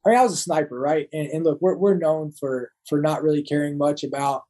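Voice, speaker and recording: A man's voice: a little high, fairly even intonation, fairly quick, dark tone, rough recording. A man, a Marine veteran telling war stories in an interview, rambling with many restarts. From Kentucky. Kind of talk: casual storytelling interview.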